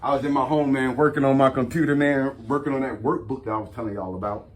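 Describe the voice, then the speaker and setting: A man hosting a casual talk, reading points from a list and breaking off into animated, slangy stories told straight to his audience. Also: medium pitch, fast. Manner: animated storytelling, slangy, addresses audience as y'all. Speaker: host.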